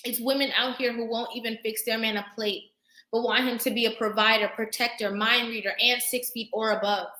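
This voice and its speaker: A young woman hosts a live stream and lectures her viewers with fervent emphasis, stopping now and then to thank them for comments. Her voice is bright and a little high. The room around her echoes. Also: steady tone, a little fast. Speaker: vlogger hosting a live stream. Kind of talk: impassioned live-stream talk. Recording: roomy echo.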